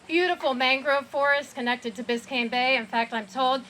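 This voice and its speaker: A woman from South Florida addresses an outdoor rally and calls out to the crowd to keep them engaged. Her voice is high and bright, with a forward, lively ring. A faint outdoor hum runs beneath her. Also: normal speed, rough recording. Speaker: executive director of an environmental group. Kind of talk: rally speech.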